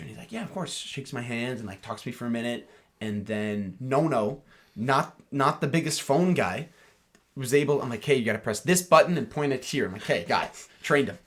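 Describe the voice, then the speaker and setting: Fast-talking young man telling a story. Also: mid-range voice. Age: young adult. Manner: animated storyteller, full of fillers. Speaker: podcast co-host. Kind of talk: casual chat.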